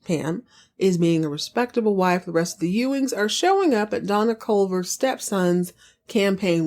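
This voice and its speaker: Woman host, casual animated recap chat. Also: mid-range voice. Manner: chatty, animated retelling with acted quotes and asides. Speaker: podcast host recapping a TV drama.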